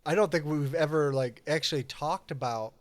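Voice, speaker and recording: A man's voice: on the high side, normal speed. A young adult man co-hosting a podcast, chatting casually and laid-back, often agreeing with his friend. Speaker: podcast co-host. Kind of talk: casual chat.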